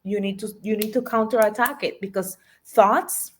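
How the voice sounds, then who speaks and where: A woman's voice: mid-range voice, fairly even intonation, moderate pace, a little hiss or hum. Emphatic woman life coach. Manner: emphatic, repeats key phrases, asks the audience questions. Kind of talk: motivational coaching talk.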